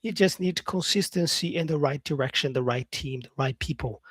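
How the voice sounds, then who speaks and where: A man's voice: on the high side, moderate pace, slightly rough, dry recording. Upbeat man. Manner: upbeat and encouraging, repeats phrases, reads out viewer comments. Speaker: English teacher, live stream host. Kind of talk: casual live-stream chat answering comments.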